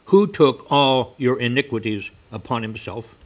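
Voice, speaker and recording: A man's voice: mid-range voice, expressive, unhurried. A man voicing a meek, majestic divine stranger. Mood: stern. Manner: soft yet stern, pleading questions. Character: meek yet majestic male stranger, the Lord.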